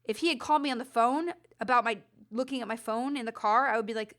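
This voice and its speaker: A woman with a high voice hosts a podcast, telling a long story in a casual, animated way. She talks herself in circles, restarts her sentences and pokes fun at herself. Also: fast talker. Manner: animated, self-deprecating, rambling with restarts. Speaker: podcast host.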